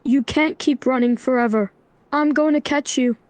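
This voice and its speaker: A stern, stubborn young man scolding someone, read by a synthetic woman's voice. The delivery stays flat and even, a bit high. The sound is dry and close. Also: moderate pace, no echo, natural voice.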